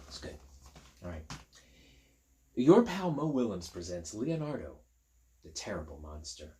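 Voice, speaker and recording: A man's voice: mid-range voice, a little mellow, breathy edge. A man, a school teacher, reading a picture book aloud to children and chatting with them as he goes. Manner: chatty, talks straight to young listeners; playful asides and counting along.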